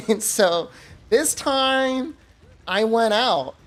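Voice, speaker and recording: A man streaming a game, telling a funny story in a casual, animated way and laughing often. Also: very high-pitched, extremely slow.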